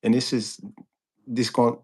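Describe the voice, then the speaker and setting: A man's voice: mid-range voice, monotone, a little slow, dark tone, breathy edge. A man in his forties from New Jersey with a New York accent, a guest musician telling stories in laid-back interview chat.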